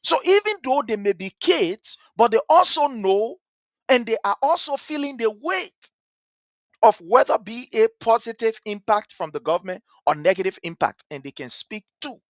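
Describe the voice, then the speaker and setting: Emphatic woman host, lively pitch. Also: moderate pace, no room sound, highs cut off. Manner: emphatic, repetitive, sermon-like rhetoric. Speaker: host of a political talk show. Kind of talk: political commentary monologue.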